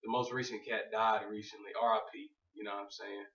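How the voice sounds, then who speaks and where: A man's voice: fairly low pitch, flat delivery, quick pace, fairly bright tone. Man talking about faith to a crowd, loose and joking, distant mic, roomy echo. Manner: loose, joking, goes on tangents; keeps saying "you know what I'm saying". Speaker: speaker on faith. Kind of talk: casual faith talk to a group. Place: room with an audience. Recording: echoey room, distant, dull.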